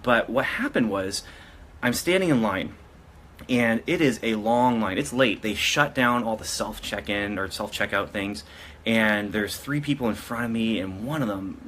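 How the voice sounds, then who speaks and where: Man, casual storytelling vlogger, slightly low voice, crisp forceful tone, rambling with restarts. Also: moderate pace, slight background noise. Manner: rambling, with frequent restarts and self-corrections.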